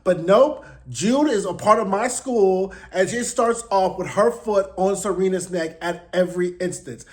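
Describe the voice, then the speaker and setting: A high-voiced man talks straight into a close mic. He recaps TV in a casual, slangy way, with sassy, blunt asides. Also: unhurried, few pauses. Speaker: host.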